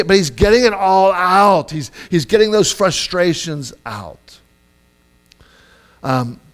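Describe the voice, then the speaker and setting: A man preaches a sermon with an animated, conversational delivery, his slightly high voice jumping up in loud bursts whenever he acts out a quote. A low mains hum runs steadily beneath the recording. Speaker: pastor.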